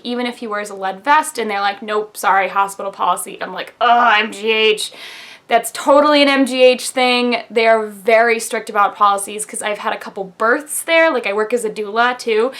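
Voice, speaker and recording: A woman's voice: on the high side, a bit bright. A young woman telling a personal story to camera in a chatty vlog, filling her talk with "like" and acting out what others said. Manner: chatty, lots of "like", quotes others in raised voice. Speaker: vlogger.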